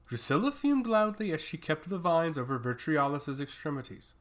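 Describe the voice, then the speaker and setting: A man narrating a fantasy story with a steady, dramatic reading. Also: on the high side, moderate pace.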